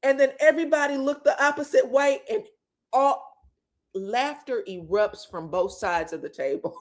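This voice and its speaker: A woman's voice: high-pitched, moderate pace. A woman hosting a casual reality TV gossip recap. She tells the story with animation, acts out what each cast member said, laughs often and swears freely.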